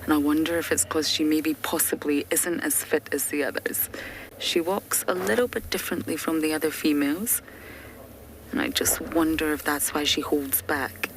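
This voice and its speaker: A woman safari guide giving live game drive commentary, often dropping to a hushed whisper and laughing often. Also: deep voice, fairly even intonation, moderate pace. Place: outdoors in the bush, in a vehicle. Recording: outdoor bush noise behind.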